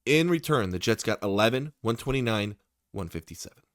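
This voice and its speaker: A man with a low-ish voice gives casual, opinionated football draft commentary to his viewers. He sounds tired from the late hour but gets excitable. The sound is dry and close, with no room around it. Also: fairly quick, dry recording. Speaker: sports YouTuber.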